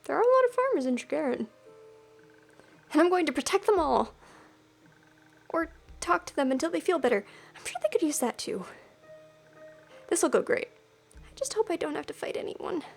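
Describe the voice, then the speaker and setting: A woman's voice: high voice, sing-song, normal speed, gravelly, pauses often, soft background music, voice pushed up, full character voice. A woman voicing a timid young adventurer in a game, talking eagerly and gratefully. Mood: earnest. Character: timid young adventurer setting off on first quest, nervous but hopeful.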